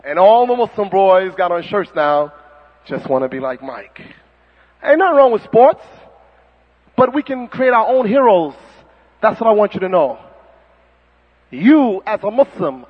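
Fiery preacher, high swooping voice, dull hall recording. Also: male voice. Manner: animated, mocking, preaching with impressions. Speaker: Muslim preacher. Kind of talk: fiery sermon.

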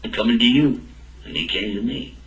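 A man's voice: mid-range voice, lively intonation, fairly quick, fairly bright tone, highs cut off. A man telling a personal story in a talk, acting out both sides of the dialogue. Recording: roomy and distant from the mic.

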